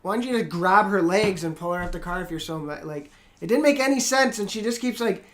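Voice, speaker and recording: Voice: medium pitch, expressive, a little fast, fairly bright tone, echoey room, a little hiss or hum. Blunt, incredulous podcast co-host. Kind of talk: casual film-review chat.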